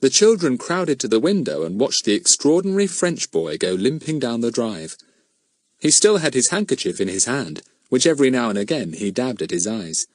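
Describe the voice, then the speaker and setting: Man narrator, children's storybook, very lively pitch, dry close sound. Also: moderate pace, no room sound. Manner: expressive storytelling. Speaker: audiobook narrator. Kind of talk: scripted narration.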